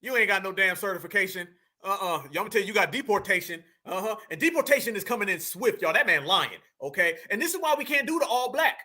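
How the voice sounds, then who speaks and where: High, bright-voiced mocking man host. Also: animated, fast talker, hardly any pauses. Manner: mocking, emphatic, laughs at clips. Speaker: livestream host. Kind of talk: reaction commentary livestream.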